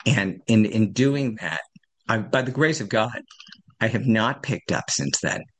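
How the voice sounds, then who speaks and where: A man's voice: fairly low pitch, animated, measured pace, a bit bright. Rambling older man sharing his recovery story. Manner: conversational, rambling storytelling with self-deprecating humor. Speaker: recovery meeting speaker. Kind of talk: personal recovery share.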